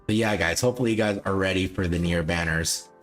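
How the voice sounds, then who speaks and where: A man's voice: low voice, fast, soft background music. A man hosting a livestream, chatting casually and repetitively with frequent chuckles. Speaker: livestream host.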